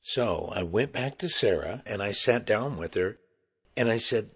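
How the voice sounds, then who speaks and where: A middle-aged man, an actor, telling a personal story in an animated, conversational way. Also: on the low side, a little slow, gravelly, husky.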